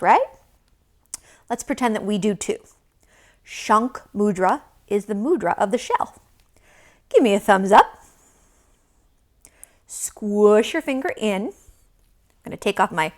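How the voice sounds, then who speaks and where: A woman teaching a yoga class to young children, gentle and encouraging as she leads the poses. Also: medium pitch.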